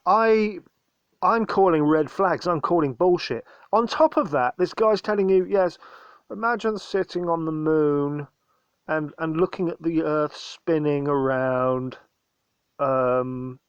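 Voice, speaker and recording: A man's voice: on the high side, smooth, no room sound, dull audio. A man hosting his own channel, ranting angrily in a profane, contemptuous commentary monologue. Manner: ranting, profane, repeatedly says mate; indignant and contemptuous. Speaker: channel host.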